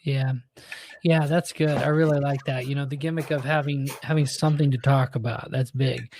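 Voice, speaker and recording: A man's voice: medium pitch, steady tone, normal speed, darkish tone, a little hiss or hum. A man hosting a podcast, chatting loosely in a casual interview and leaning on fillers like "you know". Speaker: podcast host.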